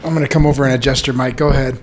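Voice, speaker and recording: A man hosting a podcast, who prompts his guest with short, quick questions and asides. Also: mid-range voice, steady tone, crowd noise. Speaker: podcast host. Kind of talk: casual interview. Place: podcast studio.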